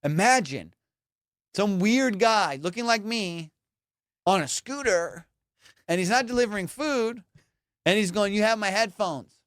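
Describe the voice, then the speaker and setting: A young man hosting a comedy podcast, telling a story in an animated, slangy way, acting out voices and laughing often. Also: high-pitched, a little slow, pauses often, no room sound, studio quality.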